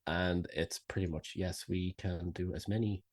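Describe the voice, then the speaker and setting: A man's voice: low voice, steady tone, normal speed, darkish tone, dry recording, studio quality. A man co-hosting a podcast in blunt casual chat, swearing and cutting in. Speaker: podcast co-host.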